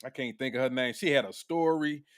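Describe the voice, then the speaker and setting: A man's voice: mid-range voice, a little fast, smooth, no room sound, clean studio sound. A man hosting a casual reaction commentary, blunt and profane, laughing often. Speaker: commentary host.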